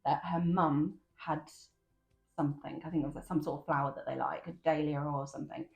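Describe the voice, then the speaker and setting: Lively low-voiced woman, echoey room. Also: brisk, vocal fry, faint music behind. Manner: lively, teasing, bursts into animated outbursts. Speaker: podcast co-host. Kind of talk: casual chat.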